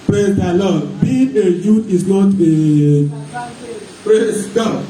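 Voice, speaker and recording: High-voiced Nigerian pastor preaching. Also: male voice, takes it slowly, warm tone. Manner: rhythmic preaching with call-and-response. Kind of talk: sermon. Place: church hall. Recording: echoey hall, mic far off, faint noise.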